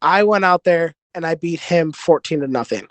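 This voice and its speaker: A man's voice: a little high, moderate pace, no room sound. A man guest on a podcast, telling an earnest, rambling story full of fillers and restarts. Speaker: podcast guest, jiu-jitsu competitor. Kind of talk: casual conversation.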